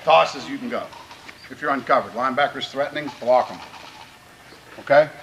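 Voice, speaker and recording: A high school head football coach gives his players an earnest pregame locker-room speech, urging them on in plain words and pausing to restart phrases. His mid-range voice grows louder and more fervent when he speaks of country. The recording has its highs cut off and slight background noise.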